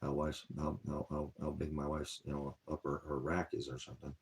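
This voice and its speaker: A man's voice: rumbling low, completely flat delivery, brisk. A man hosting an online ministry, talking wearily and rambling about his troubles in a casual vlog. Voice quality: gravelly, husky. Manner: weary, sighing, drifts between topics. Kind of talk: rambling personal vlog talk.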